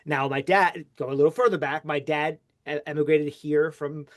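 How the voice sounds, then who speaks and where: Animated male podcast host telling a story. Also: moderate pace. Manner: animated storytelling with wide pitch swings. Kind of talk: casual interview chat.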